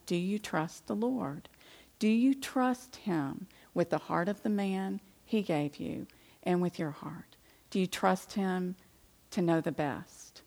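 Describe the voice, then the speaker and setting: With a lowish, gravelly and slightly mellow voice, a middle-aged Christian speaker addresses women. Her testimony is animated, and she plays out her past indignation as she recounts her story.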